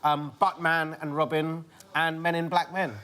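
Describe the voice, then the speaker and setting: Joking male show host, loud studio noise. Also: fairly high pitch, level tone, normal speed. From United Kingdom. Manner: playful, cracks corny jokes. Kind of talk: studio comedy show hosting.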